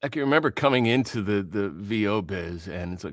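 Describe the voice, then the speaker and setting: A man's voice: on the low side, lively intonation, brisk, no echo, studio quality. A man hosting a podcast, asking questions in an easygoing way and laughing along. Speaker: podcast host. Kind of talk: casual interview chat.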